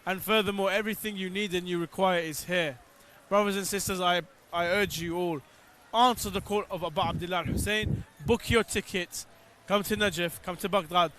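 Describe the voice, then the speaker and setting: A man with a notably high, bright and forceful voice hosts a live outdoor broadcast. He talks in an exhorting, preacher-like way, pressing his appeals on viewers. He is out in the open on a pilgrimage walk. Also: fairly even intonation, moderate pace, hardly any pauses, a little hiss or hum. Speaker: presenter of live pilgrimage coverage.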